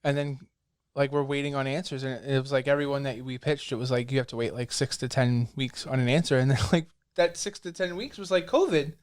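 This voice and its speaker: A comic book writer in a casual interview, telling lively stories and acting out the people he quotes. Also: mid-range voice, fairly quick. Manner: animated storyteller, acts out quoted dialogue.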